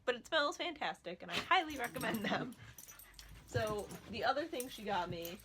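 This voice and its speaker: A woman's voice: a little high, animated, normal speed, noisy background. A woman chatting casually at home as a knitting vlogger, gushing about what she loves and breaking off to scold her dogs. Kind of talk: casual chat.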